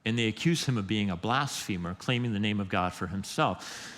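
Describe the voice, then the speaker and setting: A man's voice: lowish voice, fairly quick, a bit bright. Easygoing, emphatic male pastor preaching in a reverberant church sanctuary. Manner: conversational, emphatic, repeats words while building a point. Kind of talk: sermon. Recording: long reverb of a church hall.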